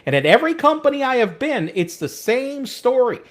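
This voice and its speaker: A man's voice: very high-pitched, fairly quick. A middle-aged man co-hosting a podcast in casual chat, talking animatedly with profanity and many stammering restarts. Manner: animated, profane, acts out quoted speech. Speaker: podcast co-host.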